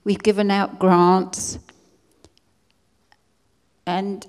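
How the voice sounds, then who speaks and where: An older woman from England giving an earnest personal testimony at a conference, pleading and halting now and then as she restarts her words. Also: medium pitch, a little mellow. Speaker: conference speaker. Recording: long hall reverb.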